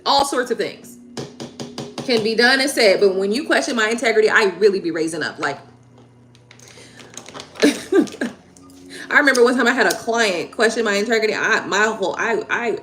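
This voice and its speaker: A woman's voice: medium pitch, normal speed, pauses often, a bit bright. A woman hosting a live tarot stream, venting heatedly in casual talk, swearing and repeating herself.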